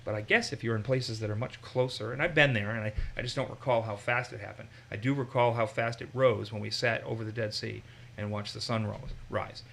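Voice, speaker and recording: A man's voice: fairly low pitch, fairly even intonation, brisk, vocal fry, a bit bright, a little hiss or hum. A man teaching the Bible, reading the passage aloud and then breaking off to explain it with personal asides. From the north. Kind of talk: reading scripture aloud and commenting in a group discussion.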